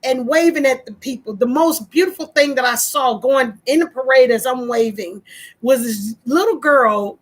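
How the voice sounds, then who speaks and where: A woman's voice: sits high, normal speed. A woman in her thirties venting emotionally in a personal vlog, tearful and repeating herself as she talks. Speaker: vlogger.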